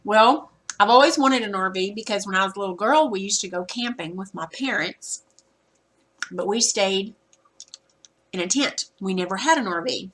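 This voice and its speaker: A woman teacher recording a reading lesson, explaining vocabulary words patiently and clearing her throat now and then. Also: mid-range voice, a bit bright. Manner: patient, explanatory, spells out word meanings slowly.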